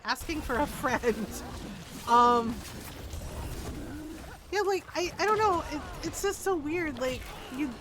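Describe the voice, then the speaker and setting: A high, animated woman streamer chatting through her gameplay. She laughs often, swears freely and slips in quick character voices, with a faint hiss of background noise. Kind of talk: casual gameplay chat.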